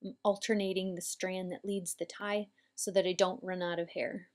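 A woman calmly explaining hair braiding steps as an instructor, patient and methodical. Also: on the low side, moderate pace. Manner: calm, patient, step-by-step explaining. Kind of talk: instructional demonstration.

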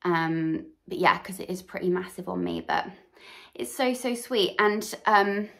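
A woman's voice: medium pitch, unhurried, fairly bright tone. A young woman from England vlogging, chatting casually about gifts in a rambling way with many fillers, recorded on a camera mic at home. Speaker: fashion vlogger. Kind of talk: casual chat.

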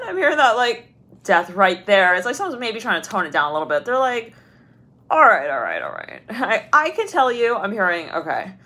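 Giggly, rambling woman tarot reader. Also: sharp tone. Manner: giggly, rambling, frequent laughs and fillers; acts out quoted voices with big pitch jumps. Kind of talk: casual tarot reading, channeling.

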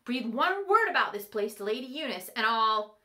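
A woman's voice: a little high, sing-song, normal speed, bright, forceful tone. A woman reading aloud, voicing a defiant, stubborn teenage girl who talks bluntly and teases. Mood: teasing. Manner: blunt, teasing.

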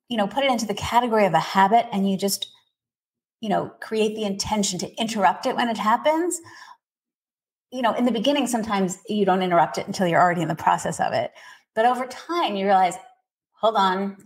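A woman parenting coach answering interview questions in a steady, explanatory way, with frequent casual fillers. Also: medium pitch. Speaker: autism parenting coach, guest.

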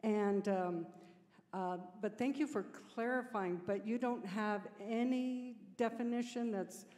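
A woman's voice: fairly high pitch, a little mellow. A woman from the audience asks a long, meandering question at a conference, stopping and restarting as she goes. The sound is reverberant, like a large hall. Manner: rambling, halting, laughing self-consciously. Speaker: audience member asking a question.

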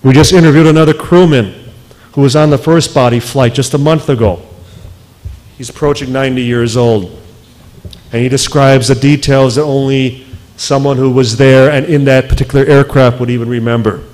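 A man speaking as a researcher in a public lecture, emphatic, with deliberate pauses. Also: mid-range voice, fairly even intonation, a little mellow, rough recording.

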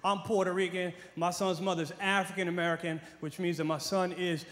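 A man from New York with a New York accent doing a brash, profane stand-up comedy set, swinging from muttering to shouting. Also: high voice, flat delivery, a little fast. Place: large comedy venue with a live audience. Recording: echoey hall with crowd noise.

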